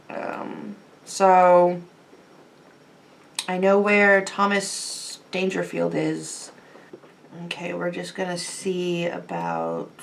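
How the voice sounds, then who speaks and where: Creaky-voiced woman playing a game. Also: lowish voice, slight background noise. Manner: hesitant, filler-heavy, reads game text aloud. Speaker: game streamer. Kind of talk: casual gameplay commentary.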